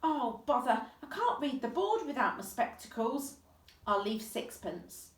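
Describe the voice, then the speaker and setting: Brief: gentle, courtly old tramp for a storybook, lively in pitch, played by a woman, echoey room, mic set back. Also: a little slow, far from the mic. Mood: fussy.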